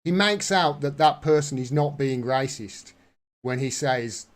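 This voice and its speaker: Speaking a little slowly in a mid-range voice, a vlogger gives casual political commentary. His tone is indignant and sarcastic, and he rises to outbursts.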